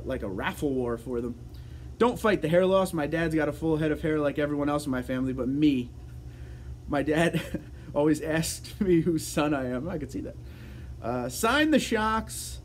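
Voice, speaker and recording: A man's voice: fairly high pitch, darkish tone, a little hiss or hum. A man hosting a casual livestream, reading viewer comments aloud and answering them in a chatty, joking, easygoing way. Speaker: livestream host.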